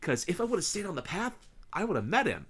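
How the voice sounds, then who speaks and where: A man co-hosting a casual podcast, rambling through excited stories and swearing freely. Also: sits high, fairly quick, husky. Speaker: podcast co-host. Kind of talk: casual chat.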